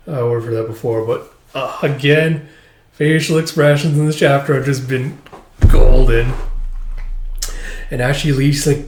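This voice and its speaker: A man casually reading through and reacting to a manga chapter, chatty and enthusiastic, with lots of fillers. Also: mid-range voice. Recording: roomy echo.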